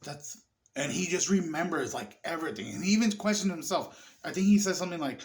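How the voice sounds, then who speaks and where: A tipsy man rambling through a casual film review, swearing often and getting excited. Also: fairly high pitch, fairly quick. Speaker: movie reviewer.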